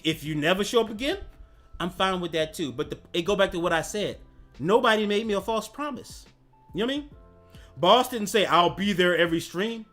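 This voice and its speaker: A man's voice: high voice, fairly bright tone. A man hosting a casual livestream chat, talking in a slangy, rambling way and laughing often. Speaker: host.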